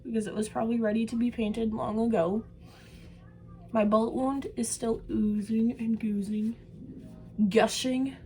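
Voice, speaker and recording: A young woman vlogging while she does special effects makeup, chatting casually and poking fun at herself, sometimes trailing off into soft mumbles. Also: a little high, little pitch movement, unhurried, a little hiss or hum, low-quality recording. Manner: chatty, self-mocking, drifts into soft mumbles. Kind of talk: rambling casual chat while doing makeup.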